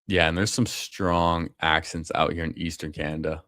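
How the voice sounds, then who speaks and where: A man's voice: a bass voice, level tone, normal speed, fairly bright tone, dry recording, clean studio sound. A man streaming a fantasy football draft, talking casually and slangily with viewers. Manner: casual, slangy, calls people bro and man. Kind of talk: casual live commentary.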